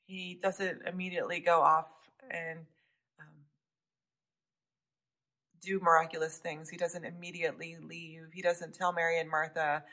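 A woman preaching a sermon, earnest, often dropping to soft hushed tones for emphasis. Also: fairly low pitch, little pitch movement, unhurried, long pauses, poor audio.

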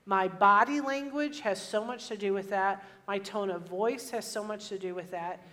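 A woman's voice: medium pitch, moderate pace, fairly bright tone. Woman teaching a church lesson. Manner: uses catchy sayings and repeats them. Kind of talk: sermon teaching.

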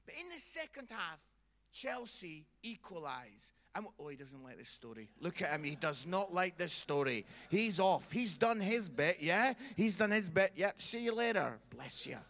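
Lively Scottish man doing stand-up. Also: high voice, moderate pace. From Scotland. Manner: chatty storytelling, keeps checking in with the audience. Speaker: stand-up comedian. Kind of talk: stand-up comedy routine.

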